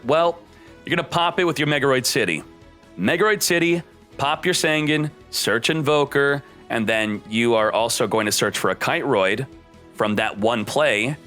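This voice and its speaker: A man hosting a card game stream, giving hyped deck-review commentary and sounding slightly out of breath. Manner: energetic, punchy, jumps up in pitch for emphasis.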